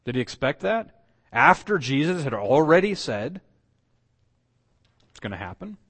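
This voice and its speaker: A man's voice: a little high, very animated, unhurried, fairly bright tone. A man preaching a sermon as pastor, telling the story with acted quotes, asides and frequent fillers.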